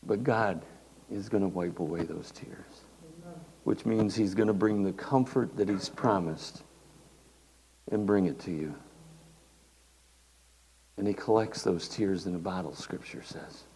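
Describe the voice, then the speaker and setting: A man's voice: deep voice, a little slow, long pauses, a little mellow. An older man preaching a sermon in a folksy, conversational way. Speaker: pastor. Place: church hall. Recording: reverberant hall, faint noise.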